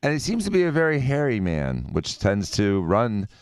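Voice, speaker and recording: A man's voice: lowish voice, wildly swooping pitch, moderate pace, smooth, no echo, studio quality. A male doctor on a radio show explaining a medical condition in a matter-of-fact way. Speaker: doctor guest.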